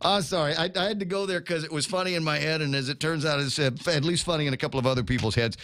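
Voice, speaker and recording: A man's voice: fairly high pitch, rapid-fire, a bit bright, no room sound. A man hosting a morning radio show, chatting casually, laughing often and stammering over repeated words. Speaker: radio host.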